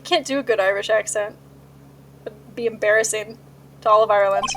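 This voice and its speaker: A woman's voice: mid-range voice, fairly even intonation, fairly quick, long pauses, noisy background. A woman streamer making self-deprecating, joking asides while playing a game. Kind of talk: casual gameplay commentary. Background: game music.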